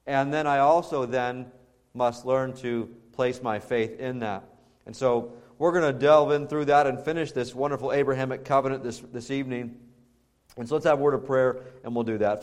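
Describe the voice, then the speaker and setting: A man's voice: mid-range voice, normal speed. A man preaching an evening sermon and leading a prayer, earnest and repeating words as he builds emphasis. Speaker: pastor.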